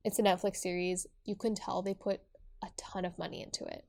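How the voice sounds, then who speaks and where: A woman's voice: medium pitch, little pitch movement, brisk, vocal fry, a little mellow. Chatty young woman podcaster. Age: 20s. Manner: chatty, many fillers and restarts. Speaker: podcast co-host. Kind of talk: casual chat.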